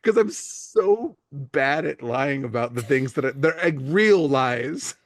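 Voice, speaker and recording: A man's voice: mid-range voice, animated, takes it slowly, no room sound, studio quality. A man co-hosting a podcast, joking and rambling in self-deprecating casual chat. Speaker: podcast co-host.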